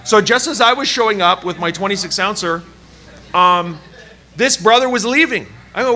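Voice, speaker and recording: A man preaching a sermon at a church service, telling a personal story in an animated, joking way. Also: high voice, moderate pace. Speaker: pastor. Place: church service before a congregation. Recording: live church hall with crowd. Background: audience laughing and calling out.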